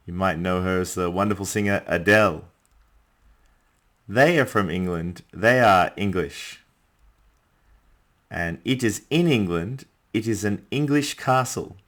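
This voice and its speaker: A man teaching a beginner English lesson, speaking deliberately and adding small friendly asides. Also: fairly low pitch, a bit bright. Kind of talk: beginner language lesson narration.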